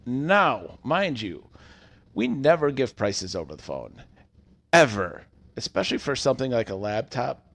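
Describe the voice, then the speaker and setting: A man's voice: mid-range voice, big pitch swings, unhurried. A man in his thirties casually telling a customer service story on a podcast, acting out the quotes.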